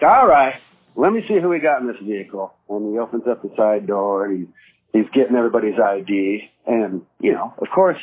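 A man casually telling a story, breaking into lively impressions of the people in it. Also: mid-range voice, breathy edge, phone-quality sound. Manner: animated, acts out the cop's lines.

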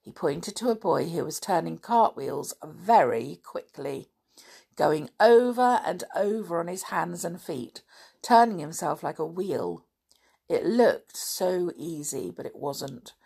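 Slow, gravelly woman reading a storybook. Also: low-pitched. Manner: calm, unhurried storytelling. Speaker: narrator.

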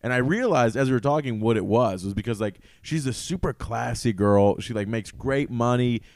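A young man rambles through a candid story in casual podcast chat, his voice sitting at an ordinary middle pitch. The sound is dry and close, with no room around it. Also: normal speed, gravelly, no echo.

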